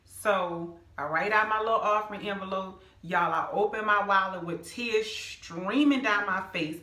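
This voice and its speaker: A middle-aged woman, telling a personal church testimony in an emphatic, animated way and calling her viewers "y'all". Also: mid-range voice, normal speed, reverberant. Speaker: vlogger sharing a personal testimony. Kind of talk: casual storytelling testimony.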